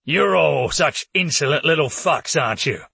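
Male narrator doing a gruff old warrior, husky and grumbling, swears freely. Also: fairly high pitch, lively intonation, moderate pace, pushed and bright, no echo, full character voice.

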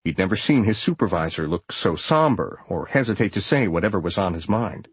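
Husky low-voiced male audiobook narrator. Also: normal speed, few pauses, no echo. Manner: steady, dramatic storytelling.

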